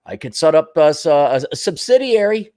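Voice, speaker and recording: A man's voice: on the high side, very animated, normal speed, mellow. A man hosting his podcast alone, rambling and musing aloud in a sardonic way, slipping into little voices for his own thoughts. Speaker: podcast host. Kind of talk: rambling solo monologue.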